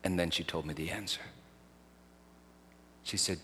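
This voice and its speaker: A man preaching a sermon, swinging from hushed, slow phrases to loud, soaring outbursts. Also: sits low, steady tone, in a large hall, slight background noise.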